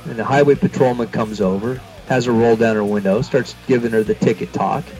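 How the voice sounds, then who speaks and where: A man's voice: medium pitch, brisk, faint music behind, rough recording. A man co-hosting a casual talk podcast, telling a long joke and jumping into little character voices. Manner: animated storyteller, jumps into character voices. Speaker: podcast co-host.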